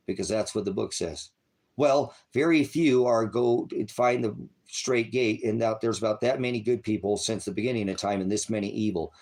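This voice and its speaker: A man rants at his livestream chat, swearing constantly and firing off aggressive, rambling preaching. His voice sits fairly low and sounds husky and rough-edged. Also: normal speed, darkish tone. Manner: profane, aggressive rant, addresses chat viewers. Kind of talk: angry rambling livestream talk.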